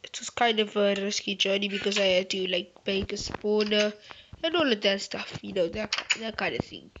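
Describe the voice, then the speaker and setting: A woman's voice: mid-range voice, normal speed. A woman host giving rambling, playful, chatty commentary while she plays a game. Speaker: gaming channel host. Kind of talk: gameplay commentary. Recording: slightly muffled with faint hiss.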